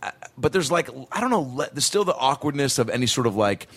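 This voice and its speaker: A man's voice: mid-range voice, sing-song, fast, a bit bright. A man hosting a casual podcast, asking questions and reacting with short interjections. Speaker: podcast host.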